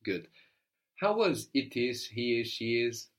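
Brief: male language tutor, patient, coaxing, mid-pitched, guiding a learner step by step. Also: very animated, slow pace. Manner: patient, prompting, often asks "no?". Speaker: language teacher. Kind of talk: spoken language lesson.

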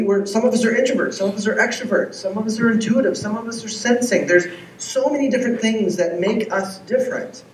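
A man's voice: fairly high pitch, slight background noise. A man preaching a sermon who tells stories and acts out the dialogue in them. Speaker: pastor. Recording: echoey room, heard from far off.

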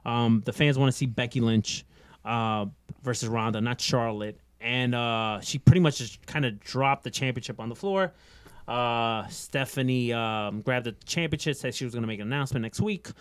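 A man hosting a casual wrestling talk show, animated and rambling, laughing often. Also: mid-range voice, normal speed, clean tone, dry recording. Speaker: podcast host.

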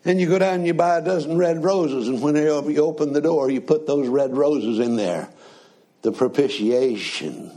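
A man preaching a sermon in a slow, conversational way, often asking the congregation questions. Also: fairly high pitch, mellow.

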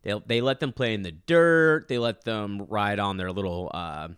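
Smooth, dry-sounding casual male storyteller. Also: fairly low pitch, moderate pace, no room sound. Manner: animated storyteller, acts out quotes, swears casually.

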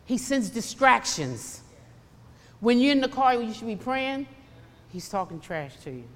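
A woman's voice: on the high side, expressive, unhurried. A woman preacher delivering a sermon, emphatic and repetitive, acting out the voices she quotes. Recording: long hall reverb.

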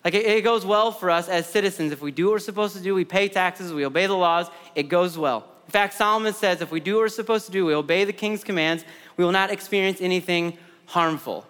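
A man's voice: sits high, fast talker, fairly bright tone, smooth, long reverb tail. A man in his thirties preaching a sermon in a conversational way, repeating words and adding side stories. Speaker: pastor.

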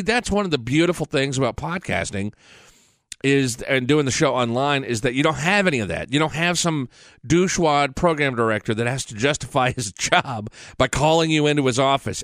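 A man's voice: on the high side, fairly bright tone, dry recording. A middle-aged man hosting his own podcast from a studio, talking in a blunt, profane, fired-up rant. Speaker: podcast host. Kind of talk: casual ranting monologue. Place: professional studio.

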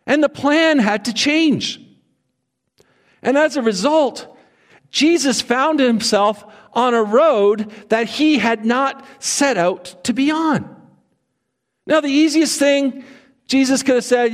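A man preaching a sermon as pastor, animated and conversational, acting out quoted voices with humor. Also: extremely high pitch, unhurried. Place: church sanctuary. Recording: reverberant church hall.

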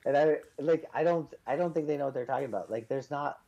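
A man's voice: mid-range voice, quick pace, gravelly, dark tone, lo-fi sound. A man co-hosting a casual chat, ranting in a sarcastic, profane way. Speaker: podcast co-host.

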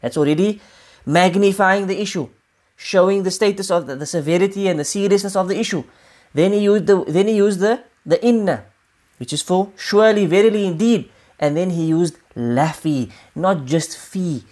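A woman giving a religious lesson, explaining scripture in a measured way and repeating key points for emphasis. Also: fairly low pitch, a little mellow. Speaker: Quran teacher.

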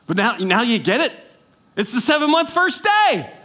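A man preaching a sermon with animated, self-mocking asides that sink into quiet, intense passages. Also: extremely high pitch, moderate pace. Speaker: pastor.

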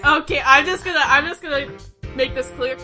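A woman's voice: sits high, brisk, bright, forceful tone, soft background music. A woman playing a tabletop game, giggly and playful. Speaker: player. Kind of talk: tabletop role-play chat.

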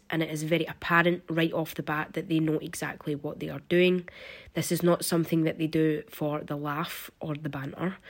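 Scottish lady podcaster, croaky sick voice, bit lowish, chatty scripted chat. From Scotland. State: croaky from illness. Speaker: podcast host.

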